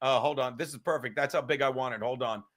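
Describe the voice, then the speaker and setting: A man's voice: medium pitch, steady tone, fast talker, a bit bright. A man hosting a livestream, ranting and mocking in a profane, combative way. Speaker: livestream host.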